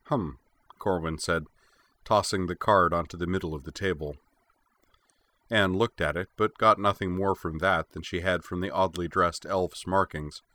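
Deep-voiced man narrating a fantasy audiobook. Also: fairly even intonation, moderate pace, sharp tone. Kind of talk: scripted narration.

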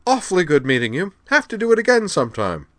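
A man's voice: sits high, big pitch swings, fast talker, fairly bright tone, no echo, clean studio sound, pitched above the performer's own voice. A man voicing a cheerful, blustering aristocratic young man with jovial upper-class banter. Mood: hearty.

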